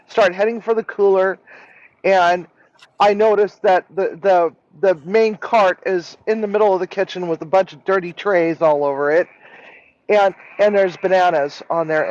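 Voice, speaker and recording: A man in a casual live-stream chat, telling a rambling, animated story and swearing freely. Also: high-pitched. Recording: dull lo-fi sound.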